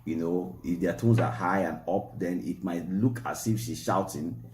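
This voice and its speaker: A man co-hosting a marriage Q&A show, explaining in a relaxed, repetitive way that stresses key points. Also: sits low, normal speed, roomy sound. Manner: repetitive, emphatic, explaining step by step. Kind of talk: relaxed advice talk.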